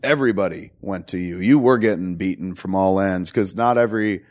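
A man hosting a casual podcast interview, telling stories in an animated way and swearing casually. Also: deep voice, a little fast. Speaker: podcast host, director.

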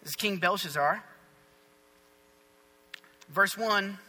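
A male pastor preaching a sermon as lively, conversational storytelling in a church hall. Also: high voice, normal speed, long pauses.

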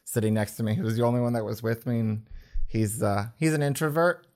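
A man telling his personal faith story in an earnest, halting way, with many restarts. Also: lowish voice, darkish tone. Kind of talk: personal testimony in conversation. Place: indoors at a table.

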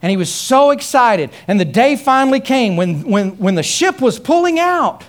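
A man preaching a sermon, telling a story with many repeated phrases and rising to loud, high emphasis. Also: sing-song, normal speed. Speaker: pastor.

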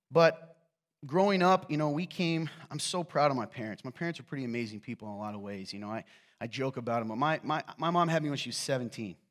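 A middle-aged pastor from Eastern Kentucky, with a slight Southern Appalachian accent, preaches a sermon in a conversational, storytelling way full of self-deprecating humor. His mid-range voice moves fairly quickly.

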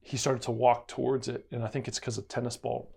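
Gravelly man telling an earnest story. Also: mid-range voice, level tone, fairly quick, a little mellow. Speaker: co-host. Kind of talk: casual Bible-study chat.

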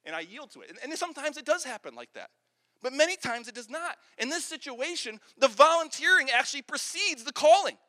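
Man pastor, very high bright voice, earnest storytelling sermon, long hall reverb. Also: a little fast. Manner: earnest storytelling, repeats words when excited. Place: large hall with an audience.

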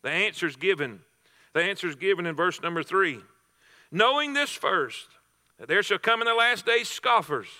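Man, pastor, high bright voice, emphatic sermon, long reverb. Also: expressive, moderate pace. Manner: emphatic preaching with repeated phrases and restarts.

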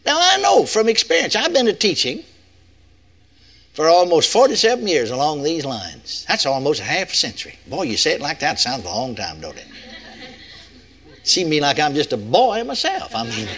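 A man's voice: on the high side, wildly swooping pitch, normal speed, long pauses, a bit bright, a little hiss or hum. An older man, preaching a sermon with folksy, playful asides to the audience. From United States. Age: 60s.

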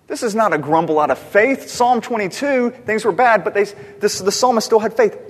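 A man with a high, husky voice preaches a lively, conversational sermon, throwing rhetorical questions at his listeners. The sound carries a long reverb, as if captured live in a large church hall. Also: moderate pace, hardly any pauses. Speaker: pastor.

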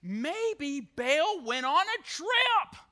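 A man voicing a playful prophet who teases and goads his rivals in a high, excited voice. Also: a little slow, heavily acted. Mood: mocking. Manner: teasing, goading, high excited pitch. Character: taunting prophet, adult man, playful and mocking.

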